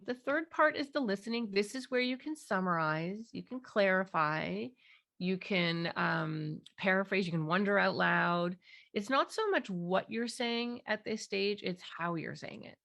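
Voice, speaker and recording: A woman's voice: fairly low pitch, creaky, fairly bright tone. A middle-aged woman, a parenting clinician, explaining techniques in an interview and animatedly acting out parent and child voices.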